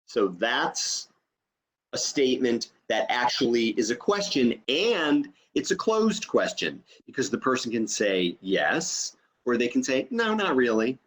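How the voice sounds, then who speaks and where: A man's voice: mid-range voice, big pitch swings, unhurried, fairly bright tone. Man leading an online training session. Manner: explanatory, frequent "okay?" check-ins.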